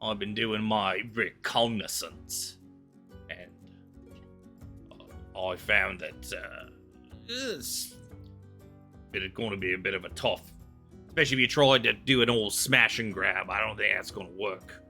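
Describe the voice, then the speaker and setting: A man voicing a gruff pirate captain and a squinting tavern goblin in a tabletop game. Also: fairly low pitch, animated, measured pace, pauses often, sharp tone, soft background music, heavily acted.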